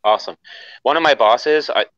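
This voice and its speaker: A man's voice: medium pitch, moderate pace, no echo. A man hosting a casual voice chat, joking and quizzing the other callers. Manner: joking, lively questioner. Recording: dull, dry mic sound.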